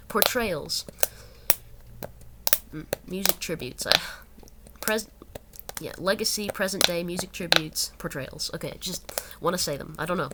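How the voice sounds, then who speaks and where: A young woman reading an article aloud and breaking off into rambling, self-correcting asides. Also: mid-range voice. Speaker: channel host. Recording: loud background noise.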